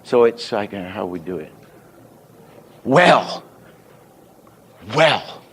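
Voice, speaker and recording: An older man teaching animation, unhurried and thinking aloud, often stopping to act out a line reading. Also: low-pitched, a little mellow, husky. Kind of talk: teaching lecture.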